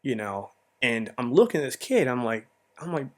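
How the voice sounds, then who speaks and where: A man's voice: mid-range voice, big pitch swings, moderate pace. Man in mid register, loose heartfelt storyteller for a faith podcast, leans on fillers. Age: adult with a marriage behind him. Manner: rambling, heartfelt, heavy use of fillers like "man" and "you know". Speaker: podcast host. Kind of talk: personal faith testimony, casual storytelling.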